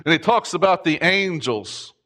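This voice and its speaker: A middle-aged man preaching a sermon, impassioned, rising to shouts at its peaks. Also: a little high, expressive, normal speed. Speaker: pastor.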